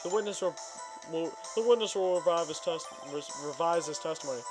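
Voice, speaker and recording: A man's voice: a little high, close to an everyday voice. A man voicing a fumbling elderly male judge who trips over his words, over game music. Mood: flustered. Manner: stumbling, halting delivery.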